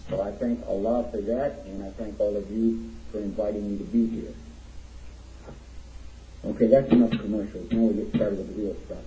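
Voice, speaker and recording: Jokey Texan man with a dark tone. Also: fairly low pitch, fairly even intonation, normal speed, a little hiss or hum. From Texas, USA. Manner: jokey, playful, teasing the audience. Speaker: keynote speaker, chaplain. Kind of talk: humorous public speech. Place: large hall with an audience. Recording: echoey hall, dull sound.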